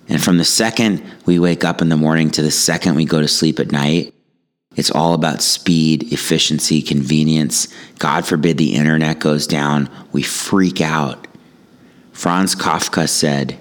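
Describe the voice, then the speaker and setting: A man who teaches yoga and gives talks, telling a personal story with wry humor in a relaxed, reflective way. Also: very deep voice. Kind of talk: storytelling monologue.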